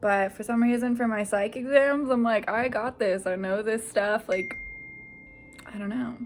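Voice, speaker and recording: A woman's voice: on the high side, normal speed, slight background noise. A young woman in her twenties, a nursing student, chatting casually to camera in a rambling way, full of "like" and "I don't know". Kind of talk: casual vlog chat.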